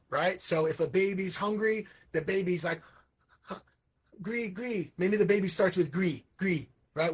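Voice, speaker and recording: A man's voice: on the high side, slightly rough. A man, a teacher by trade, talking casually on a livestream, rambling and repeating words as he works out his point, now and then mimicking voices for examples. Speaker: host, educator. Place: lives in Hong Kong.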